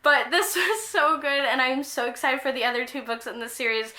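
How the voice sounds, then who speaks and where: Young female book vlogger, high bright voice, gushy and excitable, casual "like"-filled chat. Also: a little fast. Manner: gushing, enthusiastic, frequent "like" fillers.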